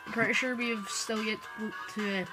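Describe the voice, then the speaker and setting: A woman giving casual let's-play commentary, reading the on-screen text aloud and reacting quickly. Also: on the high side, fairly even intonation, poor audio. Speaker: gamer. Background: game music.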